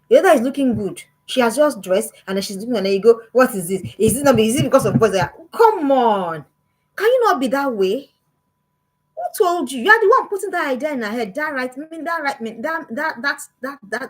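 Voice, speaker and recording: A woman's voice: on the high side, breathy edge, rough recording. A woman, giving an emphatic motivational talk to parents as a parenting coach and firing off repeated words and rhetorical questions.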